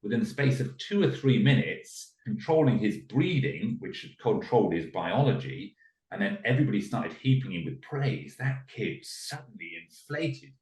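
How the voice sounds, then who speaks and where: Guy telling a story, lively swoopy delivery, lowish voice, bit roomy and off mic. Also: normal speed, far from the mic. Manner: acts out the people in his story in raised voices. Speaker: podcast guest. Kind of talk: animated storytelling. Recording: echoey room, a little off mic.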